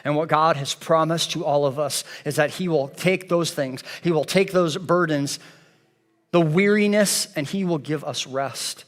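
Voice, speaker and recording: Man, pastor, sermon, earnest repetitive cadence, fairly high voice, long reverb in a church hall. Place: church sanctuary.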